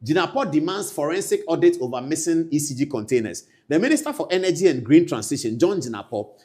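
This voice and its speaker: A Ghanaian man gives political commentary with a slightly high voice. His pitch leaps around widely as he moves between loud, emphatic outbursts and quiet asides. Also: animated, fast talker, breathy edge.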